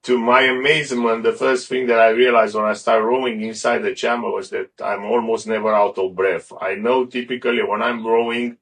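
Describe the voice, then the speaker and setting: A middle-aged man chatting as an interview guest in a gravelly voice. He rambles and stumbles over restarts, and he sits a little back from the microphone. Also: mid-range voice, level tone, fairly quick, few pauses, a bit bright. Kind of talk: casual interview talk. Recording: a bit far from the mic.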